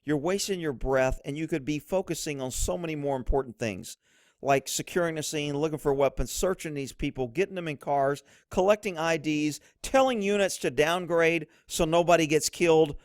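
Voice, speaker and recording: A man's voice: normal speed, no room sound. A middle-aged man, a former police officer, giving blunt, instructive commentary over police footage. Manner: blunt, instructive, drops low to mimic others.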